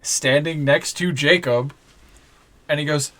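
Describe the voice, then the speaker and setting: A game master narrates a tabletop game slowly and loosely, full of fillers and restarts. The voice sits in a middle pitch. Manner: relaxed, rambling narration with fillers.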